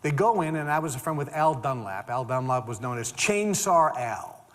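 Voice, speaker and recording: A man giving a motivational talk, emphatic and animated, repeating phrases for stress. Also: mid-range voice, moderate pace, big-room sound. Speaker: motivational speaker.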